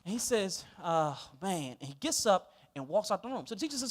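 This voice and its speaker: Preacher guy telling a story, high voice, chuckling, lively and real with the crowd. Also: fairly quick. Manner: animated, laughing storyteller. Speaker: pastor. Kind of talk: sermon storytelling.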